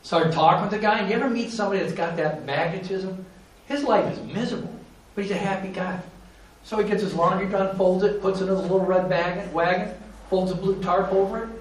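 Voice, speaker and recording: A man's voice: sits high, a little fast. Earnest man presenting in an echoey room. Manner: storytelling, folksy and earnest. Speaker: charity presenter. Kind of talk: presentation to an audience. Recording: echoey room with faint ambience.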